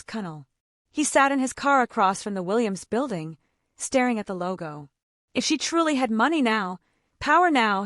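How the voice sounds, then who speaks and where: A woman narrating a scripted dramatic story in an expressive way. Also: mid-range voice, no echo, clean studio sound.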